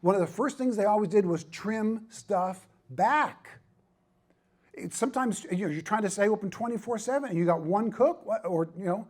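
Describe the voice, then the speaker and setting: A middle-aged man gives a humorous talk at a ministry conference. His voice sits a little high and has a husky grain. He mixes self-deprecating jokes with emphatic, repeated points. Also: animated, a little fast, darkish tone. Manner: self-deprecating, joking asides, emphatic repetition.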